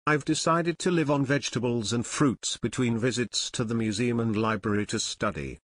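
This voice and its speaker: A man's voice: mid-range voice, moderate pace, dry recording, close to an everyday voice. Man voicing a teen boy, pompous, earnest, dry close sound. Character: teenage boy, hearty eater turned solemn vegetarian.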